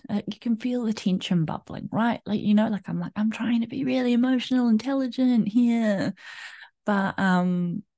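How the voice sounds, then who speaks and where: A young woman hosts her own podcast and talks through a personal story, looping back on herself with plenty of fillers and little laughs. Her voice is mellow and relaxed. The recording is close and dry, with no room sound. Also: on the high side, moderate pace, no echo. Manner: chatty, rambling, many fillers and restarts, laughs often. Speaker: podcast host.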